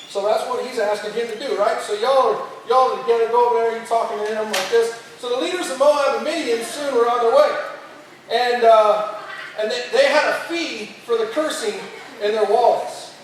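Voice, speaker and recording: High-voiced casual camp preacher. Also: male voice, normal speed, slight background noise. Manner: slangy, chatty, acts out characters. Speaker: youth camp speaker. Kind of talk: casual storytelling sermon. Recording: echoey hall, far from mic.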